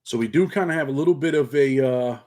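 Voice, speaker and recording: A man's voice: medium pitch, quick pace, darkish tone. Casting: middle-aged upstate New York man, slight country twang, laid-back streetwise livestream host, says "man" a lot. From Rochester, New York. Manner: streetwise slang, peppers speech with "man". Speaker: channel host and paralegal. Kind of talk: casual livestream chat, reading comments.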